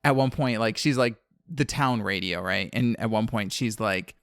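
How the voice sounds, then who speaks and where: His voice sits on the low side, fairly bright, moving at normal speed with few pauses, on a dry, clean studio recording. The New Orleans co-host chats profanely through a horror film recap, laughing a lot and using many fillers.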